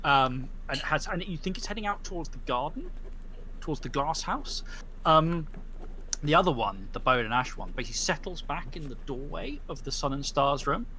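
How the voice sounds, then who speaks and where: Male game master narrating a tabletop game, halting and descriptive, slightly high voice, faint noise behind. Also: animated, bright, forceful tone. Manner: descriptive, halting with many fillers.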